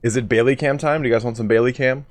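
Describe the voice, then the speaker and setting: A man livestreams a video game, chatting casually with his viewers and explaining the mechanics as he plays. His medium-pitched voice keeps a steady tone at a quick pace, with no echo.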